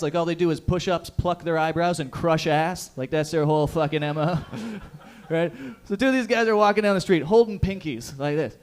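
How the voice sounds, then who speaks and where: A young man with a high voice hosts a stand-up night from a small bar stage. He talks brash and profane, riffing and teasing the crowd through a handheld mic. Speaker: comedy show host. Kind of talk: stand-up comedy.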